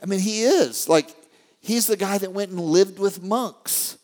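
A male motivational speaker giving a live keynote, rallying the audience with questions and swinging from hushed asides to shouted peaks. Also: sits high, unhurried. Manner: rallies the crowd with call-and-response questions. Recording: long hall reverb.

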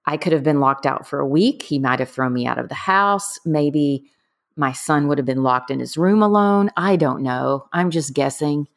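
A middle-aged woman candidly recounting her own experience in a conversation, earnest and a bit halting. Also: low-pitched. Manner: candid, earnest, trailing off with fillers. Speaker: guest. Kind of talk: personal storytelling in conversation.

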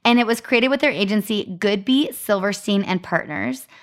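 A woman's voice: medium pitch, moderate pace. A young woman co-hosting a chatty podcast, telling an upbeat story and reading out marketing details. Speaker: podcast co-host. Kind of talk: casual chat.

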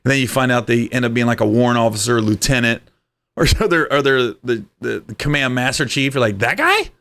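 A middle-aged man telling lively, profane stories in a casual podcast chat, jumping his pitch up for quoted voices. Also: fast talker, a little hiss or hum. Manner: animated storyteller, swearing, jumps high for quoted voices. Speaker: podcast co-host.

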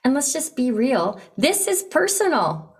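A woman coaching a client in conversation, encouraging and animated, acting out eager invitations to make her point. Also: high voice, unhurried, husky. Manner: encouraging, animated, role-plays enthusiastic invitations. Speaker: business coach hosting a coaching session.

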